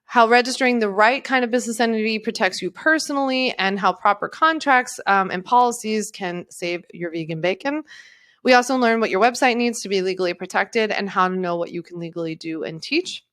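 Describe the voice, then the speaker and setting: A woman in her thirties, an attorney and coach, giving an upbeat and encouraging sales pitch in a webinar. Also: brisk, a bit bright.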